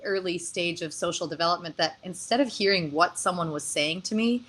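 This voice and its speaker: Bright-voiced woman on a video call. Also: lowish voice, brisk, a little hiss or hum, low-quality recording. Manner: animated, laughs often. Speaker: guest performer. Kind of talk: casual interview chat.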